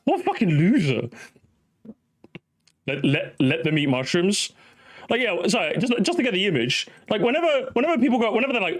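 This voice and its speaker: This young man running a reaction commentary speaks briskly in a high, sing-song voice. He rants and mocks, swearing and laughing as he talks.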